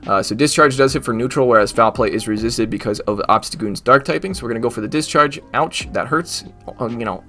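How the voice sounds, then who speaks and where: A man's voice: mid-range voice, fast, pushed and bright, soft background music. A man giving casual gameplay commentary over his battles, joking and trash-talking the opponents' creatures. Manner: joking, mock trash talk at the game. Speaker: gaming YouTuber.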